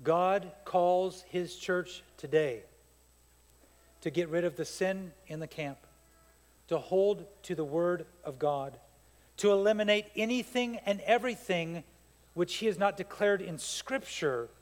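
A man preaching a sermon as pastor, telling stories in an animated way that builds to fired-up peaks. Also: high voice, measured pace. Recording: long hall reverb.

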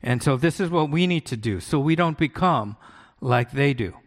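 A man's voice: mid-range voice, lively intonation, normal speed. A male pastor giving a sermon in a conversational way, often asking his listeners rhetorical questions. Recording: long hall echo.

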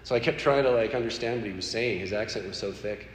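A man sharing a personal faith story in an animated, conversational way. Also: fairly low pitch, fast. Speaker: speaker sharing a personal testimony. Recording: echoey hall with faint background noise.

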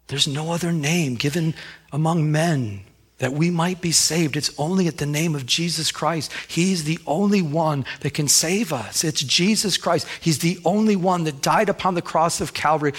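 A man's voice: on the high side, normal speed, slightly rough. A man preaching a sermon as pastor, telling a personal story and building to fervent, emphatic preaching.

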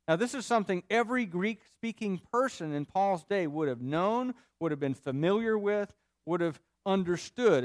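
A man's voice: a little high, no echo, clean studio sound. A man preaching a sermon in an earnest, explanatory way, reading scripture and then unpacking it for the congregation. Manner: earnest, explanatory, with vivid mock voices for quoted speakers. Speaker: pastor.

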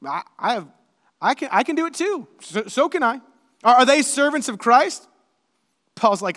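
A male pastor preaching a sermon, animated and building to emphatic, shouted lists. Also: very high voice, moderate pace, long pauses, long reverb tail.

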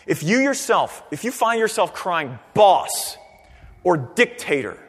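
A man preaching a sermon in a church, animated, swinging from near-shouts down to quiet, earnest tones. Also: normal speed, slightly rough. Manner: animated preaching, rising to near-shouts then dropping low. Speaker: pastor. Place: church sanctuary. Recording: long reverb of a church hall.

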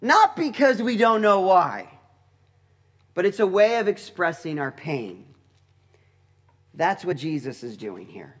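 High-voiced man teaching slowly. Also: sing-song, fairly bright tone. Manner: deliberate, explanatory, with light humor. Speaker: Bible teacher. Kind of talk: Bible teaching talk.

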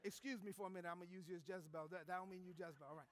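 A man preaching a sermon as pastor, telling a story with animated energy and frequent shouting. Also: high-pitched, racing, long reverb tail.

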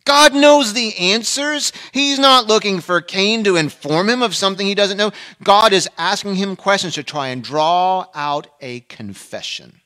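A man preaching a sermon, dropping to a hush and then rising to emphatic peaks, acting out the people he quotes. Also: high voice, a little slow, hardly any pauses. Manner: swings between hushed and emphatic, acts out quoted voices. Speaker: pastor.

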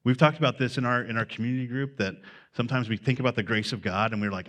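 A man's voice: mid-range voice, fast talker, a bit bright. A man preaching as a pastor, talking loosely and conversationally with many fillers as he works through his point. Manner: conversational, unscripted, with frequent fillers. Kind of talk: sermon.

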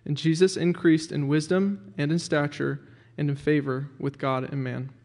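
A man reads scripture aloud in a measured, formal way. His voice is gravelly, pitched a little high, and nearly flat in melody. The words hang in a long church reverb. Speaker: scripture reader.

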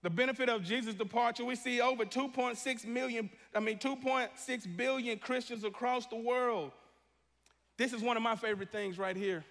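A man preaching a sermon as a pastor, animated, acting out prayers in a hushed voice. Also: very high voice, moderate pace. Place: church sanctuary. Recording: long hall reverb.

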